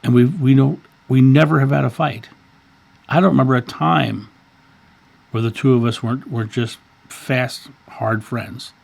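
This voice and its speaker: A man's voice: medium pitch, moderate pace, creaky, a little mellow. A man in his fifties, a channel host, earnestly telling a story in a casual monologue and often repeating words. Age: 50s.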